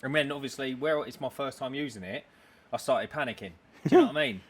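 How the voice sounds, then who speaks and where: A man with an English accent co-hosting a podcast in casual chat, telling a story with animated energy and acting out the voices he quotes. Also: medium pitch, fast, breathy edge. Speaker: podcast co-host.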